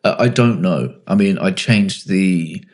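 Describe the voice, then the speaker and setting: A man hosting a podcast, chatting in a relaxed, self-mocking way and thinking aloud. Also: low voice, measured pace. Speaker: podcast host. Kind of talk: casual podcast chat.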